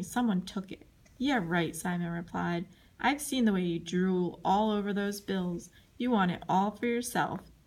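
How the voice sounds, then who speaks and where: An audiobook reader, female, works through a chapter book in scripted narration. Her character voices are lively, and her voice shoots up for anything shouted.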